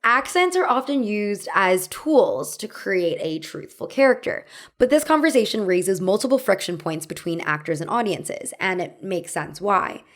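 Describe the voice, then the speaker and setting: A woman's voice: mid-range voice, lively intonation, normal speed. Wry young woman narrating a video essay. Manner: wry, conversational, laughs at own asides.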